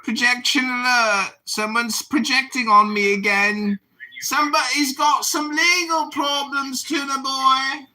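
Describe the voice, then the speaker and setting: An American man in his forties, loud, abrasive and mocking as he trades insults in an audio chat room argument. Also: very high-pitched, rough recording. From United States. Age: 40s. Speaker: political candidate and online personality.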